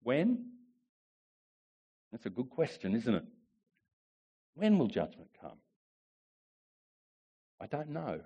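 A male pastor preaching a sermon with emphatic repetition, swinging between rising declarations and quiet asides. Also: mid-range voice, huge pitch swings, slow, pauses often, husky, dull audio. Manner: emphatic preaching, repeats phrases, rises and drops in volume.

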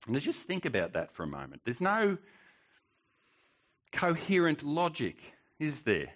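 Animated, slow-preaching pastor. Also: male voice, on the high side. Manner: emphatic preaching with rhetorical questions and repeated words. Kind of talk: sermon.

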